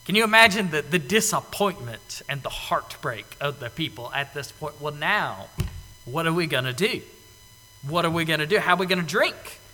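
A man preaching a sermon, animated, acting out the voices of the people in the story. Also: sits high. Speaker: pastor. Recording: echoey hall.

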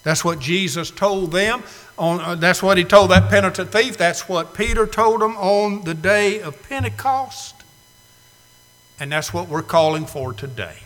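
Preacher in a reverberant church. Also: male voice, high voice. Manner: dramatic swings from loud to hushed, slow emphatic phrasing. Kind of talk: sermon. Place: church sanctuary. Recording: long hall reverb.

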